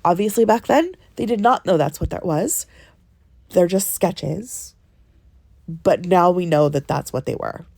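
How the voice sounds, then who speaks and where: A woman with a cold-stuffed nose recaps a timeline for a casual podcast, pausing often to ask "okay?" and "right?". Her voice is dry and close, with no room sound around it. She was recorded on a phone in a small cabin. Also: lowish voice, expressive, vocal fry, darkish tone, no room sound. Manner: recounts a timeline step by step, checking in with "okay?" and "right?". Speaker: podcast co-host. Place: ship cabin on vacation.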